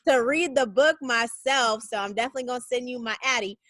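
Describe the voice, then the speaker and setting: A woman's voice: a little high, fast, fairly bright tone, no room sound. A woman hosting a podcast over a video call, effusive and enthusiastic, repeating phrases for emphasis. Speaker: podcast host. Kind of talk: casual video-call interview.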